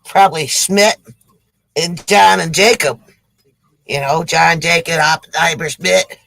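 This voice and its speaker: A man's voice: on the high side, fairly even intonation, unhurried, creaky, fairly bright tone, dry recording, low-quality recording. A man short of breath and on oxygen, telling jokes to his viewers in a chatty, casual livestream. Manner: chatty, addresses viewers as folks. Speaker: livestream joke teller.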